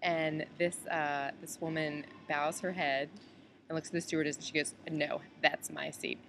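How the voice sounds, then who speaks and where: Speaking at normal speed in a low, steady voice, this woman from the US has slight background noise around her. Stuck on an airport layover, she records a chatty video message for a friend, leaning heavily on "like" and "um."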